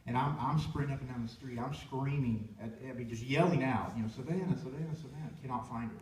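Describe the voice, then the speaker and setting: A man's voice: medium pitch, steady tone, fast, a little mellow, slight background noise. A young man, a worship leader, telling a heartfelt personal story in a rambling way with many restarts. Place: church sanctuary. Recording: echoey church room from far off.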